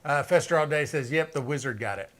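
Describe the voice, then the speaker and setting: A man's voice: fairly high pitch, fast, a bit bright. A man hosting a casual livestream, reading viewer comments aloud and chatting in a laid-back way. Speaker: show host.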